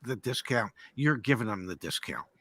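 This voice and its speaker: A man's voice: medium pitch, lively intonation, moderate pace, a bit bright, dry recording. An older man co-hosting a casual chat, a joking, folksy storyteller who once ran car dealerships. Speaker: co-host, former car dealership manager.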